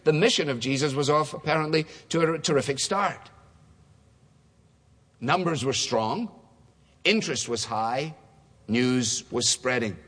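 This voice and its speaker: A man's voice: mid-range voice, fairly bright tone. A man preaching a conversational sermon, now and then acting out the voices of people in the story. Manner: conversational, acts out dialogue voices. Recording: long hall reverb.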